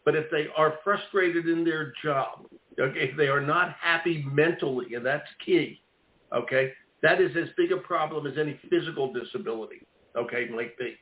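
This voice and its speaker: A man's voice: on the high side, normal speed. A man hosting a radio interview in a chatty, rambling way, often repeating and restarting his words. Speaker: radio show host. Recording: tinny phone-like line with roomy echo.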